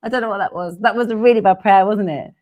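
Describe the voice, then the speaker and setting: A woman's voice: medium pitch, fast, a little mellow. A woman co-hosting a live web show, laughing and teasing her co-host in playful chat. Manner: giggly, teasing, jokey.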